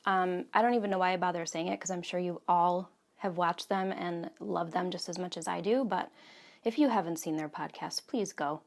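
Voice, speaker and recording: A woman's voice: lowish voice, moderate pace, creaky. A woman in her thirties hosting a casual knitting podcast from home, chatty and full of ums. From United States. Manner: chatty, many ums, soft asides. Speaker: podcast host. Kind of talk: casual chat.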